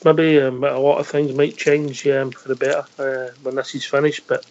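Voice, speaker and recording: A man's voice: mid-range voice, little pitch movement, normal speed, darkish tone, slight background noise. A man hosting a casual radio phone-in, blunt and full of ums, calling everyone mate. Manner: blunt, calls people mate, hesitant fillers. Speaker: phone-in host. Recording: lo-fi online radio audio.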